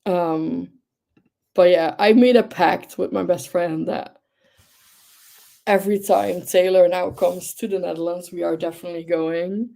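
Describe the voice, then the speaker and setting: A woman's voice: fairly low pitch, fairly even intonation, measured pace, gravelly, dark tone. A young woman hosting a livestream, chatting casually and gushing with enthusiasm, with lots of fillers. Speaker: livestream host. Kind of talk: casual chat.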